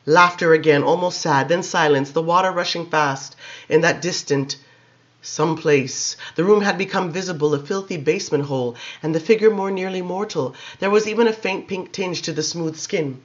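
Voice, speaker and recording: A man narrating a novel aloud in a measured, dramatic reading. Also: a little high, muffled recording. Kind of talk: audiobook narration.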